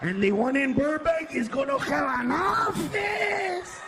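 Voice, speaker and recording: High-pitched shouting stand-up comic. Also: male voice, animated, slow, heavy background noise. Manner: loud, shouting punchlines, acts out characters. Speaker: stand-up comedian. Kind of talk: stand-up comedy routine. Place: comedy stage.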